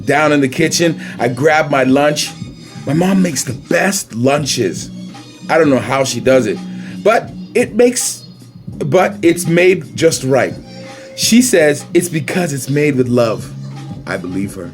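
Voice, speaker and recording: A man's voice: a little high, big pitch swings, slow, soft background music. A man with a Caribbean accent reading his own children's picture book aloud, playful and breaking off to comment on the pictures.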